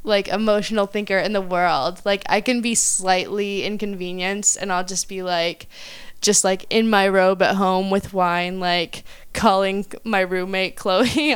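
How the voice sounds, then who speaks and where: Giggly rambling young woman, smooth voice. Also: medium pitch, fairly even intonation, a little slow. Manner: giggly, rambling, many likes and ums. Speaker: guest. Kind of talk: casual podcast chat.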